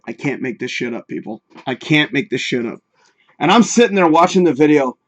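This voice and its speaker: The livestream host speaks a little high, with lively intonation and a brisk pace, in lo-fi audio. He swears freely and chats casually, laughing often as he reads viewer comments aloud and offers jokey advice.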